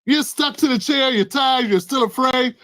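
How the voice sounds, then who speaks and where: A man delivering an animated commentary rant, acting out scenes as he goes and bursting into loud exclamations. His voice is high for a man and sounds close and dry, with no room echo. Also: normal speed. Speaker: political commentary vlogger. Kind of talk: ranting commentary vlog.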